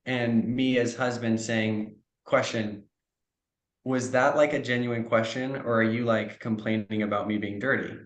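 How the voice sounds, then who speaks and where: A man talks through relationship advice in a podcast chat, earnest and reflective. He slips into short example dialogues to make his point. His voice sits at a middle pitch and rings in an echoey room. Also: steady tone, slow. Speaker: trauma coach, podcast guest. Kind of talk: conversational podcast interview.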